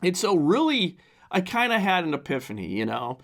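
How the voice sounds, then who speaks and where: Hoarse fifty-year-old man rambling on a podcast. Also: high voice, very animated, normal speed, a bit bright. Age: 50s. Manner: rambling, with many restarts. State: hoarse, recovering from flu. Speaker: podcast host. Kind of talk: casual solo podcast monologue. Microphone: desk mic.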